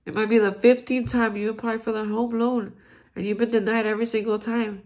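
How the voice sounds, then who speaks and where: A man's voice: high voice, little pitch movement, brisk, darkish tone. A man hosting a daily recovery reflection, speaking in an earnest, encouraging way with frequent restarts. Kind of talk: heartfelt spiritual recovery talk.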